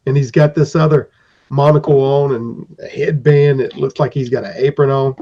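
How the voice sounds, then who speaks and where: A man's voice: mid-range voice, fairly even intonation, normal speed, warm tone. A man acting as game master, narrating a tabletop game in a rambling, descriptive way on a dull lo-fi recording.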